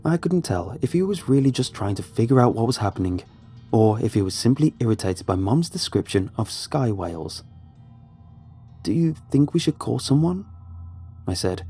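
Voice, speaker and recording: Dark-voiced male horror narrator. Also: on the low side, sing-song, slightly rough, soft background music. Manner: dramatic, measured storytelling.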